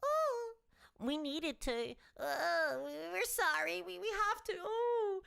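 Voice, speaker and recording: A woman's voice: big pitch swings, slow, vocal fry, fairly bright tone, full character voice. A woman putting on a weepy corporate spokesperson. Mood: mock-weepy. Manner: whiny, near tears, high sing-song. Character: whimpering apologetic corporate spokesperson, self-pitying.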